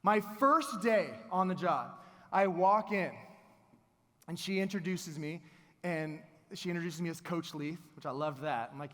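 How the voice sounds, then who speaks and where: A man in his thirties giving a motivational keynote, telling stories in an energetic, playful way with asides to the audience. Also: a little high, measured pace. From Texas. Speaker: keynote speaker. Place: large event hall. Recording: long reverb of a large hall.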